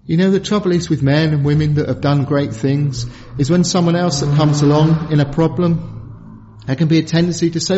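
Male preacher, high voice, pleading and earnest, muffled lo-fi sound. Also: normal speed. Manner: earnest, pleading, drops low and soft for emphasis. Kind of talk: sermon. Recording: dull lo-fi sound.

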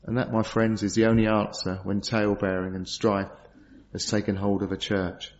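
A man's voice: fairly low pitch, little pitch movement, normal speed, slight background noise. Male preacher, middle-aged, earnest sermon, rhetorical questions, muffled lo-fi recording. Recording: dull lo-fi sound.

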